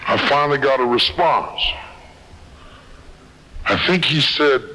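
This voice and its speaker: A man's voice: mid-range voice, unhurried, pauses often, pushed and bright, low-quality recording. A man sharing a personal testimony with a live audience in a folksy, earnest storytelling way. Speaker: speaker sharing his testimony.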